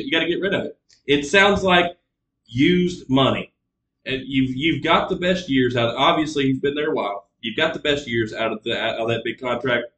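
A man's voice: medium pitch, fairly bright tone, echoey room, low-quality recording. A male podcast co-host in casual chat, giving mock advice in a playful, jokey way.

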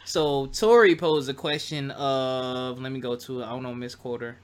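A man hosting a casual podcast with friends, talking loud and jokey and often breaking into laughter. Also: medium pitch, fairly even intonation, moderate pace. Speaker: podcast host.

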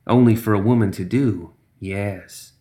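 A man's voice: on the low side, unhurried, dark tone, lightly acted. Hissing creature-woman, as a man puts her on. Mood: sinister. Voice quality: hissing, sly repetitions. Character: sinister hissing female creature, greedy gambler.

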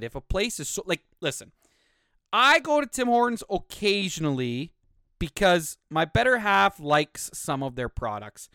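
A man rants on his solo podcast, swearing constantly as his voice jumps up and down with heat. His voice sits a little high, with a dry, close sound and no room around it. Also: very animated, measured pace, sharp tone, smooth, no echo. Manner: profane, ranting, heated. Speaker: podcast host.

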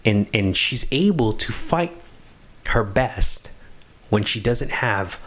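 A man reflecting on the moral of a film, emphatic and lingering on key words, with halting restarts. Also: fairly low pitch, animated, fairly bright tone.

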